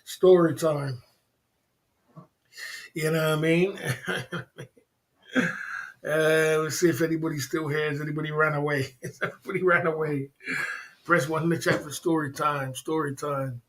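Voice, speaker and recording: A man's voice: on the high side, steady tone, normal speed, long pauses, fairly bright tone, rough recording. A man hosting a casual livestream chat, bantering in slang, laughing often and repeating his catchphrases. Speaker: livestream host.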